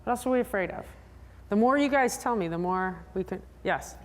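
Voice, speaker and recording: Speaking briskly, this woman presents as a sports psychologist at a big convention hall, animated and conversational, coaxing responses from the crowd and voicing riders in high-pitched impressions. Long hall reverb trails her words.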